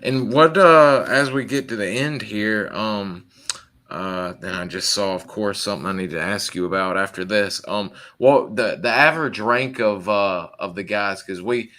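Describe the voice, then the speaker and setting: A man's voice: lowish voice, moderate pace, bright, forceful tone. A man with a Southern American accent hosting a casual interview, rambling with many fillers and reading out listener questions. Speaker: podcast host.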